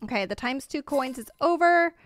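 A young American woman livestreams a game with bubbly, chatty energy, often breaking into excited exclamations. Her voice sits a little higher than most women's. She talks straight to her viewers into a desk mic. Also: normal speed, no echo. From United States. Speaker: streamer. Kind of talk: live game commentary.

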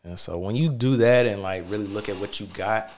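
A man hosting a podcast, talking in a relaxed, reflective way with many fillers. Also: on the low side, brisk, slight background noise. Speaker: podcast host. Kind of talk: casual chat.

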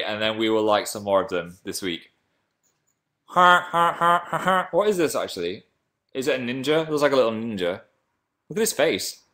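A man's voice: fairly low pitch, pushed and bright. A man hosting a casual livestream, chatting playfully and reading viewer comments aloud. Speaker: livestream host.

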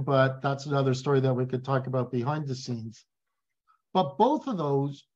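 Animated male guest telling stories. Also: fairly high pitch, highs cut off. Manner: animated storyteller, emphatic. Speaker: guest, business professor. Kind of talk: casual interview.

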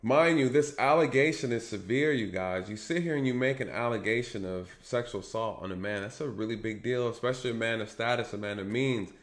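Here a commentary channel host talks fairly quickly with few pauses, chatting straight to his audience in a casual monologue. Phrases like "right?" and "you guys" pepper his speech as he shifts from loud and lively to low and muttering.

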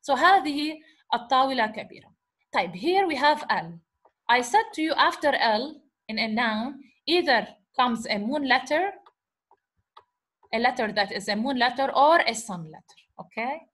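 High-voiced woman teaching grammar step by step. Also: expressive, normal speed, a bit bright. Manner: repeats herself, asks and answers her own questions, says "okay" often. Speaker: Arabic teacher. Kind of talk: explaining grammar lesson.

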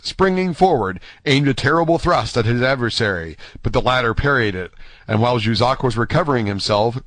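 Brief: male audiobook narrator, steady measured reading, middle pitch, dry close recording. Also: no echo. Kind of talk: scripted narration.

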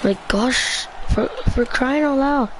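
A man giving excited commentary while playing a video game, trash-talking the players on screen. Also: very high voice, takes it slowly, slight background noise.

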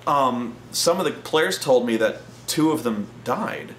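A man voicing a fretful, rule-bound male game event coordinator who speaks in a hushed, halting way, in a roomy room. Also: mid-range voice, lively intonation, slight background noise. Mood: earnest.

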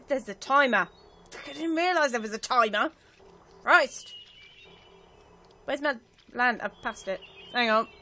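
A woman chatting through a video game, self-mocking, with sudden excited cries. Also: high-pitched, a little hiss or hum. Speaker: let's play gamer. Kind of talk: casual gameplay commentary.

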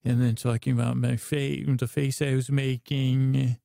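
Rambling, gravelly man telling a sleep story. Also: flat delivery, unhurried, dark tone, no echo, studio quality. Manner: meandering, stammering, low-key. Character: downcast male spaceship pilot writing to a pen pal. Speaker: podcast host and storyteller.

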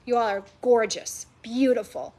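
A woman's voice: a little high, normal speed, mellow. A woman preaching a sermon to a live audience, passionate and emphatic, stacking repeated phrases. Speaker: women's ministry speaker. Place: event venue with a live audience.

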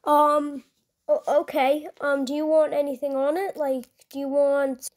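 A woman voicing a squeaky, nervous young fast-food cashier who stammers and gets flustered. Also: flat delivery, darkish tone.

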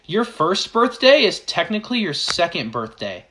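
Bright-voiced man musing aloud. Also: sits high, very animated, normal speed, slight background noise. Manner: musing, rhetorical questions. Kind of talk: deadpan shower-thought questions.

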